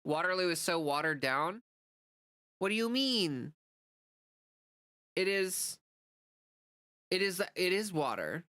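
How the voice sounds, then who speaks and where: Woman streamer, casual chatter with viewers; bright, forceful tone; dry recording. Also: fairly low pitch, expressive, slow pace, pauses often, no echo. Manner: chatty, answers chat messages, many "like" fillers. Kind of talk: casual livestream chat.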